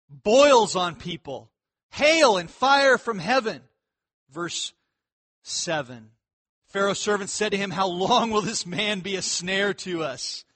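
Bright, high-voiced man preaching. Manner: animated, voices characters in dialogue asides. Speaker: pastor. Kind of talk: expository sermon.

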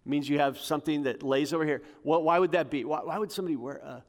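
A man preaching a sermon to his congregation, building to emphatic peaks and dropping to quiet asides. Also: fast. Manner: passionate, rising to emphatic peaks then dropping low. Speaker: pastor. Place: church hall with congregation. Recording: long hall reverb.

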